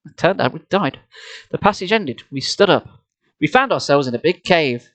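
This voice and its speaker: This live-streamed storybook reading features a man with a slightly high, animated, somewhat bright voice at normal speed. He works through a children's horror book at his home setup, using a desk mic and laptop, and adds playful, self-deprecating comments between passages.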